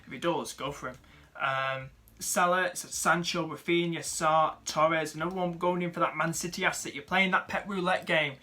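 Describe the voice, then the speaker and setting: A young man talks through viewers' fantasy teams in a relaxed, chatty way. His voice is bright and fairly high for a man. He keeps things casual with plenty of fillers and calls his viewers mate and dude. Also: normal speed, hardly any pauses. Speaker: fantasy football YouTuber.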